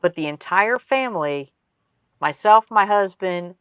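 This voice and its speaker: A woman's voice: mid-range voice, expressive, measured pace, clear, resonant tone, dry recording, muffled recording. A middle-aged woman with an Ohio accent, telling stories in a wry, matter-of-fact way during a casual chat.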